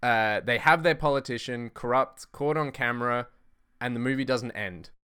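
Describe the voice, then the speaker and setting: A man's voice: medium pitch, normal speed, pushed and bright, smooth. A man co-hosting a casual movie podcast, speaking in a dry, sarcastic way. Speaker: podcast co-host.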